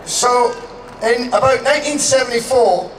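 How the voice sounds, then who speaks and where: A man from Canada giving a crude, joking outdoor rally speech, shouting to a crowd. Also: very high-pitched, normal speed. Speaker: public speaker. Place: outdoor public gathering. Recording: echoey and distant, faint background noise.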